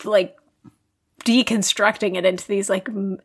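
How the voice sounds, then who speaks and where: A woman's voice: mid-range voice, steady tone, a little slow, breathy edge. A woman co-hosting a podcast in casual chat, talking in a chatty way with lots of "like" fillers. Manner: chatty, frequent "like" fillers and laughs. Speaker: podcast co-host.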